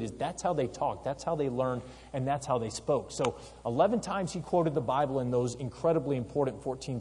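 A man teaches history in an energetic storytelling way and keeps asking his listeners questions. His voice is mellow and a little husky. A long reverb hangs around it, as in a big hall. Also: mid-range voice. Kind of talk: history lecture.

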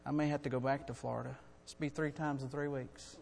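A middle-aged man preaching a sermon in a church, earnest and building to loud, urgent storytelling. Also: medium pitch, little pitch movement, a little fast, vocal fry, slight background noise. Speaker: guest preacher. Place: church sanctuary. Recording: long hall reverb.

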